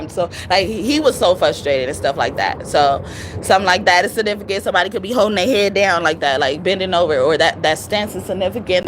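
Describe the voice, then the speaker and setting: A woman giving a casual live tarot reading, with a strained voice, animated and profane, repeating phrases for emphasis. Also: on the low side, a little hiss or hum. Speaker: tarot reader.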